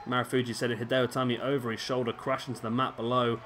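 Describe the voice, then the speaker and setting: A man's voice: medium pitch, little pitch movement, quick pace, noisy background. A man giving casual, rambling play-by-play commentary over a video game, often questioning himself aloud. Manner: rambling, self-questioning, chatty.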